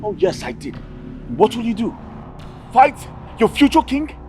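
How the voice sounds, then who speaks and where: An actor with a Nigerian accent playing an arrogant, hot-tempered young prince who taunts and threatens. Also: male voice, extremely high pitch, sing-song, unhurried, darkish tone, a little hiss or hum, full character voice. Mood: taunting. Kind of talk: film drama acting.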